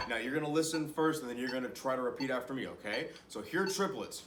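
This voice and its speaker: A man's voice: mid-range voice, animated, quick pace, hardly any pauses, echoey room, distant mic, noisy background. A young man teaching an online music lesson to children, encouraging them and counting rhythms aloud as he claps.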